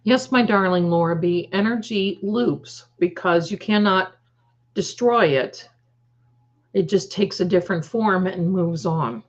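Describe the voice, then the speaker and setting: A woman's voice: on the low side, measured pace. A woman hosting a casual livestream, chatting and greeting viewers by name. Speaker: psychic livestream host. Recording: dull lo-fi stream audio.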